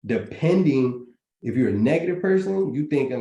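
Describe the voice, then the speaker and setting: A man's voice: medium pitch, lively intonation, normal speed, dark tone. A man hosting a live community chat, talking in a preachy, motivational, slangy way. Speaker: trading community host. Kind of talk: casual live group chat. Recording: roomy echo.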